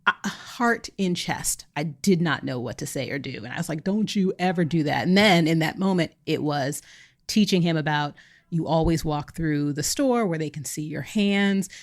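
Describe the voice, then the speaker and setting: A woman in her thirties, co-hosting a podcast, telling a family story in a casual, animated way and acting out the quoted lines. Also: low-pitched, moderate pace. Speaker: podcast co-host.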